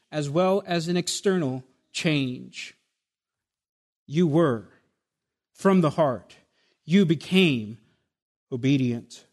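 A man pastor preaching a sermon with emphatic rhetorical questions, addressing his congregation as "my beloved.". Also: a little high. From Spanish heritage.

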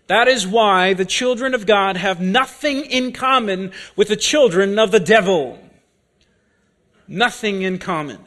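A man preaching a sermon, deliberate and repeating key words for emphasis. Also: high-pitched, fairly bright tone.

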